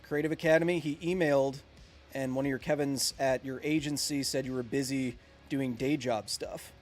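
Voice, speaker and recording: A man's voice: medium pitch, steady tone, moderate pace, faint music behind. Rambling, jokey male game streamer. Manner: rambling, self-mocking, jokey asides. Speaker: streamer playing a video game and answering chat. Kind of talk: casual live-stream chat.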